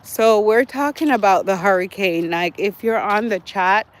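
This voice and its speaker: Breathless high-voiced man walking. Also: normal speed. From Jamaica. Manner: chatty, repeats himself, talks to chat. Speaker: livestream host. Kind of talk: casual walking livestream. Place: outdoor walking track near woods at dusk.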